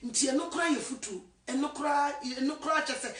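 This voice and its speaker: A woman evangelist from Ghana, preaching fervently and swinging between shouting and a hush. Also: high voice, fairly quick, distant mic. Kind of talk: impassioned sermon. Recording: echoey room, voice from afar.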